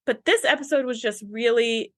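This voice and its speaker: A woman's voice: fairly high pitch, normal speed, no echo, studio quality. A woman co-hosting a podcast, talking through a TV episode in an earnest, thoughtful and enthusiastic way. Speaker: podcast co-host. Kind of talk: casual chat about a TV episode.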